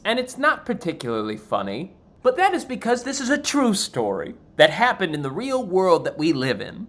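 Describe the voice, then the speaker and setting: A man telling a stand-up comedy story, animated and exasperated with deadpan asides. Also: on the high side.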